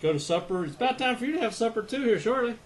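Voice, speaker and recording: A man's voice: extremely high pitch, animated, rapid-fire, slight background noise. A man hosting a racing talk show, chatting and bantering in an easygoing way with a guest. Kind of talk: casual chat.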